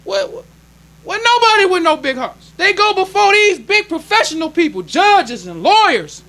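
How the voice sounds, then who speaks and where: A man's voice: very high voice, very animated, normal speed, sharp tone. A male minister preaching a sermon in an emphatic, conversational way, drawing call-and-response from the congregation.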